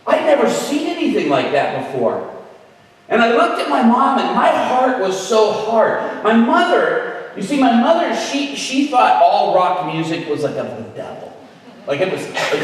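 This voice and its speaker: A man preaching in a church, telling a humorous personal story in an animated way and shouting re-enacted lines. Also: high-pitched. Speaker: guest preacher. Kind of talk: sermon storytelling. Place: church sanctuary. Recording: echoey church hall, distant mic.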